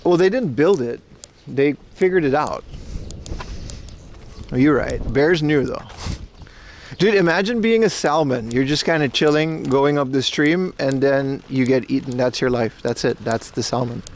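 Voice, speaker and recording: A man's voice: mid-range voice, unhurried, slight background noise. A man from the Netherlands with a Dutch accent, chatting casually and rambling to his livestream audience while walking outdoors and through a supermarket. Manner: rambling, chummy, addressing chat as bro. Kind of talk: casual IRL livestream chat.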